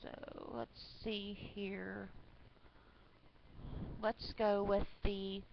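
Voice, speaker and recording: Unhurried woman reading church jokes aloud. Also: medium pitch, monotone, creaky. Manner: chatty, with fillers and asides. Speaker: online reader of church stories. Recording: slightly muffled with faint noise.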